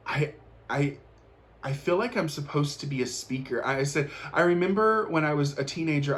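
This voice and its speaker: A man's voice: mid-range voice, fairly bright tone. A man hosting his own show, delivering an earnest motivational monologue to the viewer, repeating encouragements and often restarting his sentences as he gets emotional. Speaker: host.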